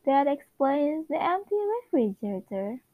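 A woman reading lines as a cheerful 1950s sitcom couple in a bright, singsong voice. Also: sits high, lively intonation, moderate pace, no echo, phone-quality sound, voice pushed up. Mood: cheery. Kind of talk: amateur dramatic reading.

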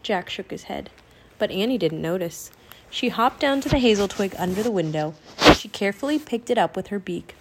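A woman narrating a children's novel aloud in a steady, expressive storytelling manner. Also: medium pitch, brisk, background noise.

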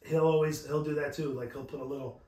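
A man from New York rambles through a story in a loose, swearing, animated way. His voice sits a little high for a man. The room around him rings with echo. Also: fast talker, a crowd in the background. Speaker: podcast co-host. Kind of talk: casual chat. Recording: roomy echo.

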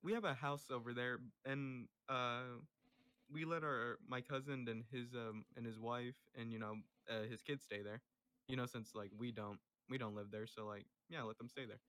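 Bright-voiced young man, hesitant chat. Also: mid-range voice, steady tone, normal speed, no echo. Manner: hesitant, full of "uh" and "you know". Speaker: podcast co-host. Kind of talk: casual chat among friends.

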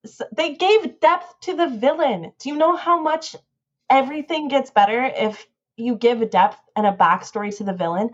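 A woman's voice: a little high, lo-fi sound. Gushing chatty woman podcaster. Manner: excited, rambling, gushing fan rants. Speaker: podcast co-host. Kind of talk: casual podcast chat.

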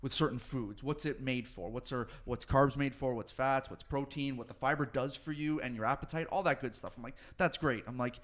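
Fast-talking man telling his story. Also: medium pitch, fairly bright tone. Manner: fast storytelling, swears often, acts out quotes. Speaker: guest, nutritionist and weight-cut coach. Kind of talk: casual podcast chat.

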